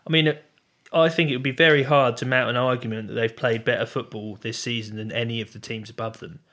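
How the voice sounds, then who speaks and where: A man's voice: medium pitch, fairly even intonation, fast, fairly bright tone. A man co-hosting a casual football podcast, hesitant, with many restarts, laughing easily. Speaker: podcast co-host.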